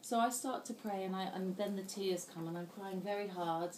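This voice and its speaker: A woman's voice: medium pitch, moderate pace, a little mellow, a little hiss or hum. A woman giving an earnest, emotional personal talk as an invited speaker at a dinner. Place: indoor dinner hall. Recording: roomy sound from a distant mic with faint ambience.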